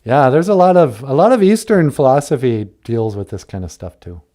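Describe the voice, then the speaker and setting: Man, host, casual live-stream chat, joking, laid-back, animated pitch, warm mellow timbre. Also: brisk. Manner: joking, laid-back, reads viewer comments aloud. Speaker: show host.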